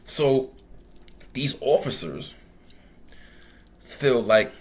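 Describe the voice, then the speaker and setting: A man's voice: medium pitch, animated, drawn-out words. A man hosting a commentary show, talking bluntly and profanely in a loose storytelling ramble. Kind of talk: casual commentary monologue.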